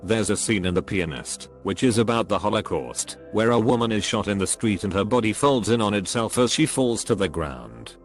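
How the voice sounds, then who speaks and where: A man with a fairly low voice reads out one short story after another in a steady, even narration. Soft music plays quietly behind him the whole time. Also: moderate pace, few pauses. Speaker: narrator reading online stories. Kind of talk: scripted narration. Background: faint background music.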